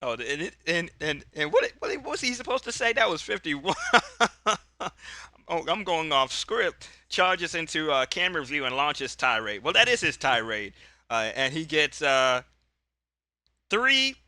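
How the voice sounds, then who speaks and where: A man's voice: a little high, big pitch swings, a little slow, bright, forceful tone, dry recording, clean studio sound. A man narrating a solo tabletop wrestling game in a rambling, cheerful way, often correcting himself.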